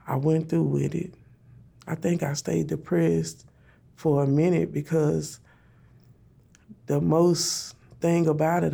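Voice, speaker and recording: Gravelly, husky woman telling a personal story. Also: low-pitched, dark tone. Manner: retells events in plain repeated phrases, speaking prayers aloud. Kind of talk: emotional personal testimony.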